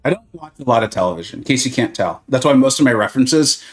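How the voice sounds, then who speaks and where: Talking fast in an animated, mid-range voice, a man runs a gaming live stream and fields viewer questions in relaxed chat. He's playful, prone to silly tangents, and reassuring when he hands out advice.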